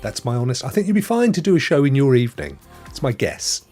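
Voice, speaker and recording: Chatty man, husky and lively. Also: mid-range voice, fast talker, faint music behind. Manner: chatty and jokey, answers chat messages by name. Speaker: live stream host reading viewer chat. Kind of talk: casual live chat.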